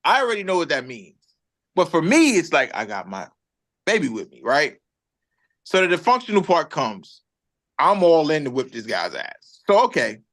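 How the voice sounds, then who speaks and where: A man's voice: on the high side, moderate pace. A man from Brooklyn, a rapper telling a story in a casual interview and acting out what others said. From Brooklyn, New York. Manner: animated storyteller, acts out other people's lines. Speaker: rapper guest.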